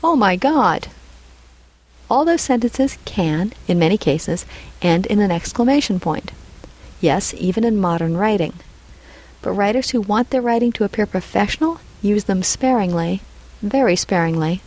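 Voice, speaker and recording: A woman's voice: mid-range voice, lively intonation, moderate pace, darkish tone, poor audio. A woman narrating a scripted lesson on punctuation, reading example dialogue aloud and naming each punctuation mark. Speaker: writing instructor.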